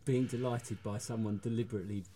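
A man hosting a radio chat, asking his guest questions in a wry, relaxed way. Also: fairly low pitch, fast, a little hiss or hum. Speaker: radio host.

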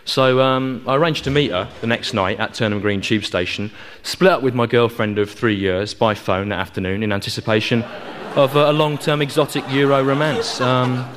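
A man delivering a deadpan comic monologue, his voice sitting at a middle pitch. He rambles through the story with plenty of fillers. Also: normal speed. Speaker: comedian, host of a sketch show. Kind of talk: comic monologue and sketch acting.

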